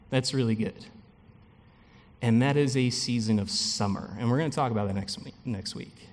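Man, pastor, conversational sermon, frequent asides, mid pitch, long hall reverb. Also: normal speed. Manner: conversational, animated preaching with frequent asides and light laughs.

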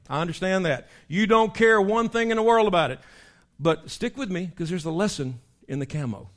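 A man, a pastor preaching in a folksy, animated storytelling way, breaking into animal call imitations. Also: sits high, a little fast, hardly any pauses.

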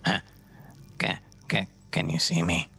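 A man's voice: low-pitched, little pitch movement, a little slow, gravelly, sharp tone, breathy edge, full character voice. A man voicing a small, timid male goblin who stammers and half-whispers. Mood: nervous.

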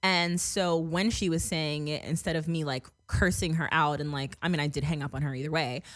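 A young woman talking in a casual chat, her voice set a bit low for a woman. She rambles through stories, cursing freely and padding her talk with fillers. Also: steady tone, brisk. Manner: profane, chatty, filler-heavy. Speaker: podcast host.

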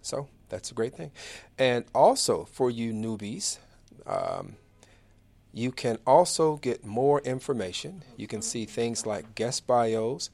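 A man's voice: medium pitch, sing-song, takes it slowly, vocal fry, darkish tone. A man in his forties hosting a live radio talk show from a studio, chatty, friendly and upbeat as he runs through announcements.

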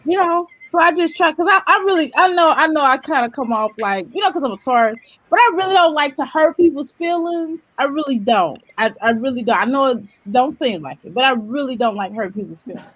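A woman in casual panel chat, animated and quick to laugh, acting out what she says to people. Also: high-pitched. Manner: animated, laughs easily, acts out quotes.

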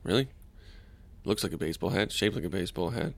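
A man's voice: deep voice, expressive, fast talker, vocal fry. A man co-hosting a comedy podcast in casual chat, laid-back, with dry remarks. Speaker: podcast co-host.

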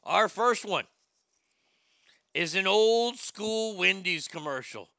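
A middle-aged man hosting a comedic show segment, ranting loudly and profanely and repeating himself. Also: sits high, lively intonation, takes it slowly, creaky, no echo, studio quality. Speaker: show host.

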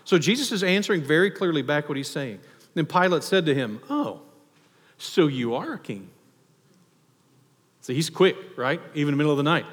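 A man preaching a sermon in a church, conversational and animated, acting out the characters he quotes. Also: fairly high pitch, fast talker. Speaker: pastor. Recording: long hall reverb.

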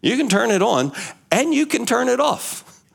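A male pastor preaching a sermon in an animated way, asking rhetorical questions and repeating key phrases. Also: very high voice, moderate pace, vocal fry, slightly rough.

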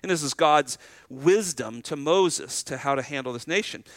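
A man's voice: fairly high pitch, animated, moderate pace, no echo. A middle-aged man preaching a sermon as pastor, conversational, asking the congregation rhetorical questions and acting out short exchanges.

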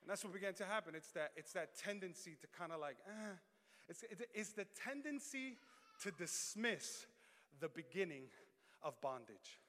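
A man preaching a sermon as pastor, animated, dropping low and quiet then building to loud shouts. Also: moderate pace, a little hiss or hum. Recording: long hall reverb.

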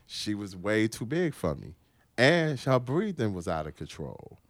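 A man's voice: lowish voice, sing-song, measured pace, no echo. A man telling a story in casual chat, stammering and restarting as he laughs along. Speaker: podcast co-host telling a story.

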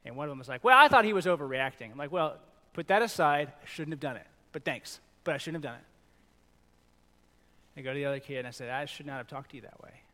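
A middle-aged male pastor preaching a sermon in a conversational, animated way, acting out little quoted lines. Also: medium pitch, fairly quick. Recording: long reverb in a large hall.

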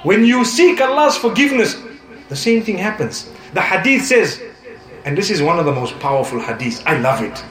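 A man with a high voice delivers a sermon in an echoey hall. He talks in an animated, humorous way, telling stories and mixing in Arabic phrases. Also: moderate pace. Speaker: preacher. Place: lecture hall on tour.

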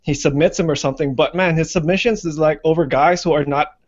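A man's voice: a little high, steady tone, fast. A man co-hosting a casual fight-picks chat, rambling with lots of fillers. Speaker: MMA podcast co-host. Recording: lo-fi muffled audio.

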